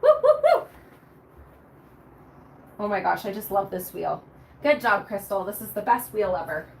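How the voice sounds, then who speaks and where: A woman's voice: mid-range voice, a little fast, vocal fry, slight background noise. A woman hosting a live shopping show, bubbly and chatty, cheering during the prize wheel spins. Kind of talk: upbeat live sales presentation.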